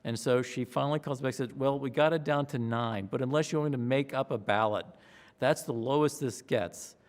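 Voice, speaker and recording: Animated storytelling man in a reverberant hall. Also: medium pitch, brisk. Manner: animated, re-enacts his own excitement with gasps and raised voice. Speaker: pollster. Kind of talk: interview storytelling.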